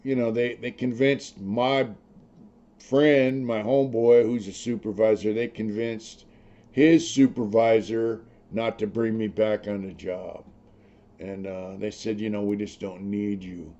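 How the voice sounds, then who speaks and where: A middle-aged man with a low, dark voice tells prison stories in a blunt, streetwise way, swearing freely. The audio is slightly dull and lo-fi. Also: fairly even intonation, a little slow. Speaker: former prisoner telling his story. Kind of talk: casual storytelling, profane.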